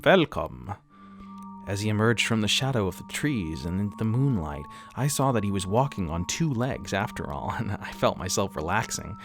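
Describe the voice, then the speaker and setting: A man narrating a first-person horror story in a dramatic, wry scripted telling. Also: lowish voice.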